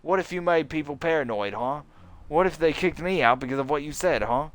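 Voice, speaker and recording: A man's voice: fairly high pitch, expressive, normal speed. A man doing a furious bullying gym teacher. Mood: menacing. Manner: shouting, threatening, swearing. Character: furious hulking male PE teacher, bitten, bullying.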